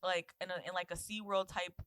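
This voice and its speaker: Bright-voiced chatty young woman podcaster. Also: on the low side, level tone, fairly quick, smooth, no room sound. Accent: put-on British accent. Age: 20s. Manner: rambling, chatty storyteller with many fillers. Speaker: podcast co-host. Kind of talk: casual chat.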